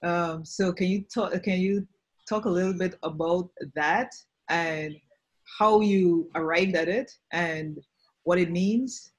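Host interviewer, middle pitch, breathy tone, halting questions. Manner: hesitant questions with fillers. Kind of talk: casual interview.

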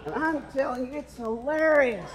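A man's voice: extremely high pitch, animated, normal speed, in a large hall, some chatter behind, a little hiss or hum, low-quality recording. A male pastor preaching a sermon, with playful asides to the congregation. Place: church sanctuary.

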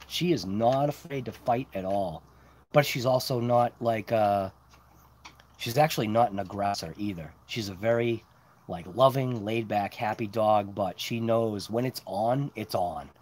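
A man with a fairly low voice runs a late-night live stream outside at night, over a little hiss or hum. Lively and talkative, he keeps up casual conversation and addresses both his dogs and the chat between subjects.

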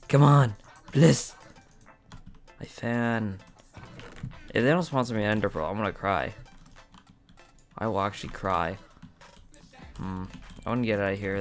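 A man giving casual, excitable gameplay commentary, talking directly to his viewers with frequent outbursts. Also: on the low side. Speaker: gaming channel host.

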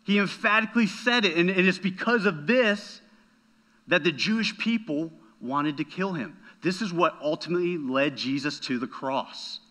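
A man's voice: on the high side, sharp tone. A man preaching a sermon as a pastor, emphatic, often checking in with "right?" and repeating words as he goes.

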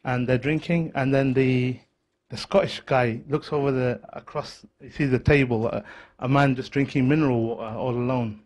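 A man's voice: mid-range voice, fairly even intonation, moderate pace, a little mellow. A man telling a long joke to a group, rambling, losing track and correcting himself.

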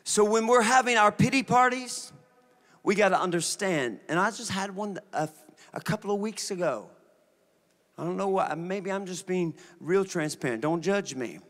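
A man, a pastor preaching a sermon, moving from relaxed storytelling to shouted declarations. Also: high-pitched, moderate pace. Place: church sanctuary.

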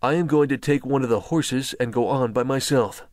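Narrator voicing a steely young frontier gentleman, firm clipped orders, mid-pitched, dry booth sound. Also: moderate pace, dry recording, natural voice. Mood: heated. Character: determined young male frontiersman statesman, resolute.

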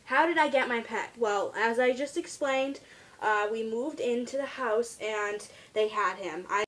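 Teen girl vlogger, casual and rambling, slightly high pitch, home camera mic. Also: measured pace, fairly bright tone. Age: teens. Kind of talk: casual vlog about her pet.

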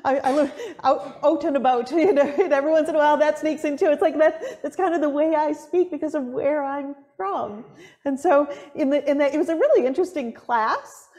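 Preaching a sermon, a woman with a high voice and a Buffalo, New York accent sounds somewhat hard and nasal, talking a little fast. She tells animated stories and laughs frequently.

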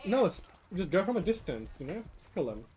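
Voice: mid-range voice, big pitch swings, fairly quick, a crowd in the background. A teammate chatting and giving callouts during an online team game, bossy and teasing and swearing a lot. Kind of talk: casual gaming chat. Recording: loud background game noise.

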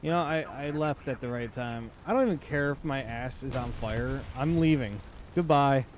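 A man's voice: medium pitch, normal speed, a little hiss or hum. A man giving casual gameplay commentary, joking and talking to enemy tanks in silly put-on voices. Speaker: gaming channel host.

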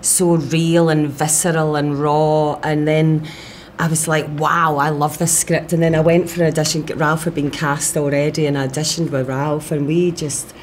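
Woman, actress, low voice, chatty, eager, slight background noise. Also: flat delivery, moderate pace, a little mellow. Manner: eager, chatty, quotes her own thoughts. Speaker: actress, interview guest. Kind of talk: press junket interview.

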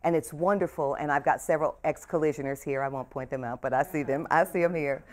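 An older woman, an author addressing a bookstore audience and reading from her memoir, soft-spoken and emotional, her voice trailing off at the ends of phrases. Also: low-pitched, fairly even intonation, fast talker. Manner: warm, emotional, speaks softly and trails off. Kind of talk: author talk and book reading. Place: bookstore event room.

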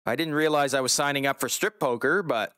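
A man's voice: mid-range voice, a little fast, sharp tone, no room sound, studio quality. Joking man streaming a game. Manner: joking, swears casually, chats with viewers. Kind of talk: casual live-stream chat while gaming.

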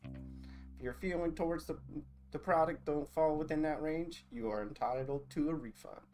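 A man's voice: on the high side, moderate pace, darkish tone, soft background music, close to an everyday voice. Man doing Wendy, twangy store clerk. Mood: polite, scripted. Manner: put-on country twang, formal customer-service phrasing. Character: chipper female general-store clerk, policy-obsessed. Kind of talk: voicing game dialogue aloud on a stream.

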